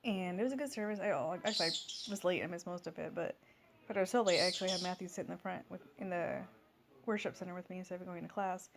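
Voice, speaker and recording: A woman's voice: on the low side, fast, creaky, background noise. A woman in her thirties telling a long everyday story in a casual vlog at home, rambling with many fillers and restarts. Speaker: vlogger.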